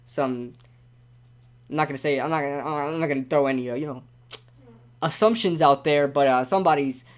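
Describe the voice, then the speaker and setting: A young man hosting a casual live-stream sports talk show, rambling and ranting animatedly with lots of repeats. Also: on the high side.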